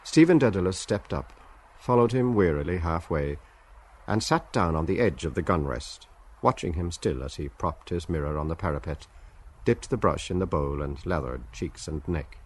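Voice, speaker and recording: A man narrating a literary radio drama in a measured, deliberate reading. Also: sits low, animated, breathy edge.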